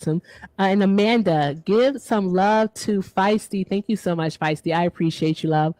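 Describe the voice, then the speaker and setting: A woman's voice: mid-range voice, normal speed, no room sound. A woman in her thirties hosting a casual livestream, playful and chatty, thanking donors. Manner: playful, chatty, reads donor shout-outs. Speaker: livestream host.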